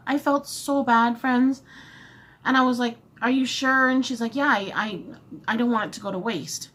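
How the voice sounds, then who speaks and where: A woman vlogger casually telling a long story while eating, chatty and animated, often acting out what she and others said. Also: a little high, fairly quick, a little hiss or hum.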